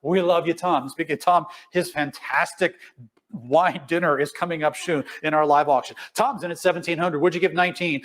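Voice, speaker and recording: A man with a slightly high voice hosts a charity auction stream, calling bids and pitching each lot. He keeps it upbeat and jokey, teasing the bidders as he goes. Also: fairly even intonation, a little fast. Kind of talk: livestreamed benefit auction patter.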